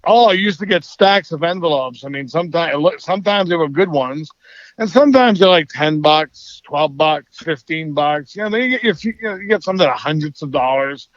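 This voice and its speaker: Easygoing actor from Boston, lo-fi line. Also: male voice, on the high side, lively intonation, fairly quick, dry recording. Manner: easygoing, rambling, self-correcting. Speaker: actor, podcast guest. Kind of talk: casual interview chat.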